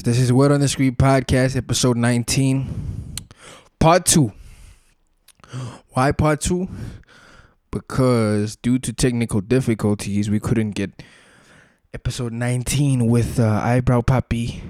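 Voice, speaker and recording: A young man hosts his podcast alone, rambling through casual stories in loose street slang. His voice sits in a middle pitch. The recording is dry, with no room echo. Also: mellow. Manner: slangy, laid-back storytelling with frequent filler tags. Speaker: podcast host. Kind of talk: casual solo podcast chat.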